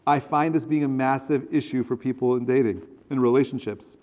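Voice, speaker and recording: Man, rabbi, class talk, direct, earnest, medium pitch. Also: brisk, hardly any pauses, darkish tone. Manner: earnest and direct, acts out quoted dialogue.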